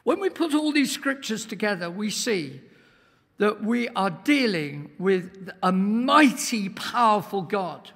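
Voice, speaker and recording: High gravelly man preaching in a reverberant church. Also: sing-song, takes it slowly. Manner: emphatic, swells to near-shouts, asks the congregation questions. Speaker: guest preacher. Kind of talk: sermon. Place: church hall. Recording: long hall reverb.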